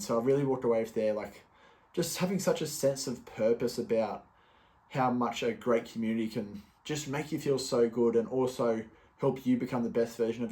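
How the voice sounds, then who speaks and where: Guy, young, solo podcast host, relaxed ramble full of ums and restarts. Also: mid-range voice. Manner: loose and chatty, many fillers and restarts. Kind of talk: casual solo podcast talk.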